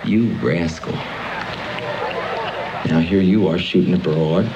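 An actor with a Baltimore accent playing a menacing male blackmailer and pornographer in a flat, taunting drawl, heard from a dull film soundtrack with background noise. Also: low-pitched, slow.

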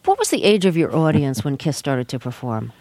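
A woman hosting a radio interview in a studio, asking questions in a calm, measured way. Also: sits low, a little hiss or hum.

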